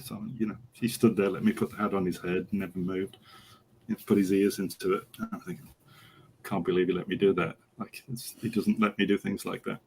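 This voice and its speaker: Middle-aged guy telling a horse story on a podcast, husky voice, fairly low, does the voices when he quotes people. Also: a little fast, poor audio. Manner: animated anecdote, acting out quoted dialogue. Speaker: horse trainer, interview guest. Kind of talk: casual storytelling in a podcast interview.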